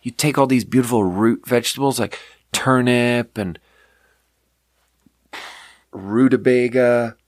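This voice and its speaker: A man's voice: medium pitch, fairly even intonation, slow pace, long pauses, dry recording, clean studio sound. A man hosting a podcast, rambling in casual chat with frequent laughs and casual swearing. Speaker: podcast host.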